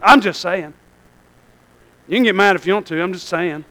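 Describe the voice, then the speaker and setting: A man preaching in church, tossing "Amen?" back to the congregation. His very high, bright voice jumps from shouted points to soft, quick asides. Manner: call-and-response, asking "Amen?"; swings between shouting and quiet asides. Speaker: pastor. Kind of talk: sermon.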